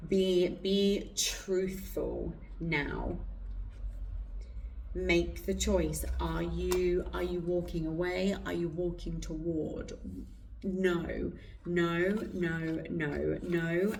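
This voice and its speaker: Woman doing a slow card reading, low gravelly voice, kinda hoarse, echoey room, mic a bit far. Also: slight background noise. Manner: slow, soft and reflective, with pauses. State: hoarse throat. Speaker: intuitive card reader. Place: indoor room with incense burning. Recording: roomy, distant mic.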